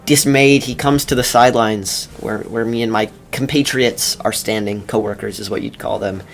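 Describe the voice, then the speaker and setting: A young man talks casually while he plays a game, drifting between commentary and a story. His pitch sits in an ordinary middle range, and his delivery is loose and wry. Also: steady tone, moderate pace, creaky, slight background noise. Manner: rambling and wry, many ums and self-corrections. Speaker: video creator.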